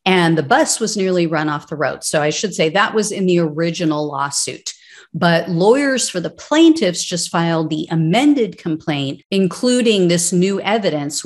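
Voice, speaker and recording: A woman commenting on political news, reading out court records and breaking into sarcastic, indignant asides. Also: lowish voice.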